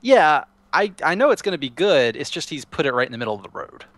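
A man's voice: fairly high pitch, sing-song, quick pace, a bit bright, dry recording. A man casually showing a Minecraft server to a friend, rambling and restarting his sentences. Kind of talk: casual gameplay chat.

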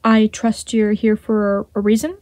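A woman's voice: mid-range voice, level tone, unhurried, a little mellow, no room sound, studio quality, close to an everyday voice. A woman voicing a cold, logical young man in a storybook reading, speaking hard and demanding.

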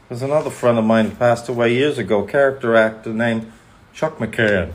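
While signing autographs on a livestream, a male voice actor chats casually and cracks jokes with viewers. His voice sits in the middle range and moves at a moderate pace, and his manner is playful, jokey and rambling.

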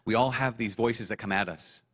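A priest preaching to a young audience, impassioned and repeating phrases for emphasis, then slowing into a soft prayer. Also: male voice, lowish voice, slightly rough.

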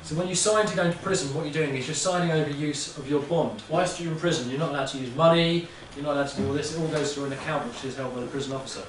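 In an echoey room full of listeners, a man with a fairly high, steady voice talks very fast, hardly pausing, in a chatty, rambling way. He often checks in with "yeah?", and the distant mic picks up faint noise.

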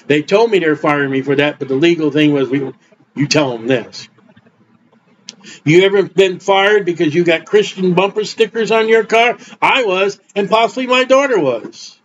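A man's voice: high-pitched, a little fast, few pauses, slight background noise. A middle-aged man preaching an informal, rambling sermon in a blunt, conversational way. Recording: dull lo-fi recording.

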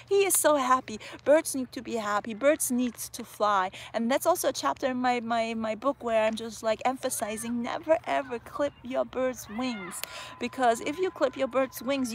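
A woman's voice: a little high, a bit bright, slight background noise. A woman who trains parrots vlogs to camera outdoors in a park and records on her phone. She talks in a chatty, passionate way, full of "like" fillers. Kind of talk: casual vlog talk to camera. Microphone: phone she is filming with.

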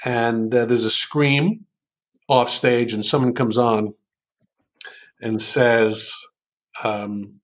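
An older American man speaks slowly and deliberately in an interview, often pausing with ums as he works through ideas. His voice sits at a middle pitch, and he savors quoted sentences as he reads them aloud. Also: fairly even intonation. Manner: thoughtful, hesitant with many ums, savors quoted lines. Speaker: author and writing coach, interview guest. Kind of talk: conversational interview, explaining with examples.

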